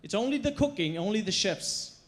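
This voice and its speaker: Guy doing a stage talk, kinda high voice, tells stories with lots of punch and humor. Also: lively intonation, fairly quick. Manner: storytelling, emphatic, playful. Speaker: chef giving a stage talk. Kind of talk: stage presentation. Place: stage before a live audience.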